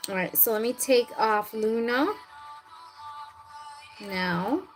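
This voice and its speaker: A woman hosting a casual live tarot reading, chatting with viewers and often clearing her throat. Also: a little high, slow pace, faint music behind, poor audio.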